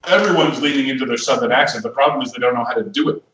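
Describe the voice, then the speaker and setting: A man's voice: mid-range voice, very fast, fairly bright tone, slight background noise. A man co-hosting a movie podcast, wry and joking in casual chat. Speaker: podcast co-host. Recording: echoey room, distant mic.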